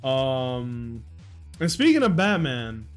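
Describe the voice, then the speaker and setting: A young man chatting casually on a livestream, excitable and swearing, with sudden loud outbursts. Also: fairly high pitch, a little slow, soft background music. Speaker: streamer.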